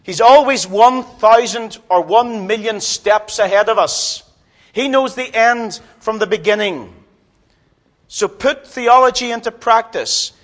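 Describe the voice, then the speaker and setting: A man preaching a sermon in a church, swinging from loud emphatic lines to soft, low ones. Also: a little slow.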